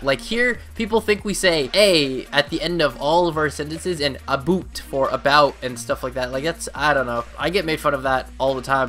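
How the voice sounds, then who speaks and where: Young Canadian guy, casual Q&A host, slightly high and bright voice, rambling delivery. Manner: rambling, many fillers and restarts. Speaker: YouTuber answering viewer questions. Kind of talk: casual Q&A chat.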